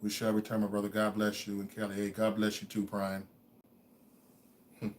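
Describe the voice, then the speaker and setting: A man hosting a livestream, giving a motivational talk to his chat. He repeats phrases over and over and stammers on single words, swinging between hushed musing and loud preaching. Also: on the low side, completely flat delivery, moderate pace, slight background noise. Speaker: livestream host.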